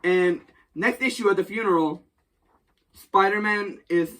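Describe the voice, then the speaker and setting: A man hosting a comic book podcast, excitedly retelling a story and swearing casually. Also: high-pitched, measured pace, recorded from a distance. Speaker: podcast host recapping a comic. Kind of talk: casual chat.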